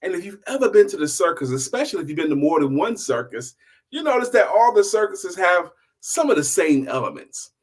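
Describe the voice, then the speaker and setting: An older man telling a children's story in an animated, playful way. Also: high-pitched, brisk. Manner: animated, playful, shouts exclamations.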